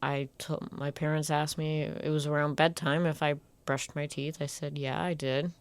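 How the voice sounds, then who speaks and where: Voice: mid-range voice, level tone, moderate pace, smooth, dry recording. A podcast co-host from western Massachusetts, chatting casually and answering in short, offhand, often unsure replies. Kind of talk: casual conversation.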